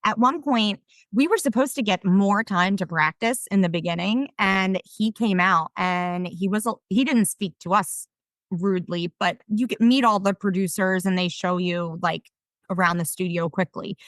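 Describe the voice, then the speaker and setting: A woman in her thirties with a South Jersey accent, a podcast guest telling stories in an animated, self-deprecating way. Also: medium pitch, moderate pace, no room sound. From South Jersey, USA. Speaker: podcast guest, game show winner. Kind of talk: casual storytelling interview.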